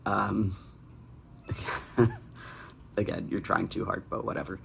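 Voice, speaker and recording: Young guy roasting bad fanfic, low gravelly voice, dry sarcastic asides. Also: steady tone, takes it slowly, slight background noise. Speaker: fanfic critic and host. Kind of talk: comedic reading and critique.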